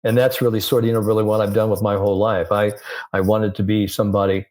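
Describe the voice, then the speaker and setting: An older man with a fairly low voice talks through his stories in an easy, conversational way. He quotes the people in his anecdotes as he goes, the way a sports psychologist explains ideas on a podcast. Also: quick pace. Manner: storytelling, animated with anecdotes and quotes.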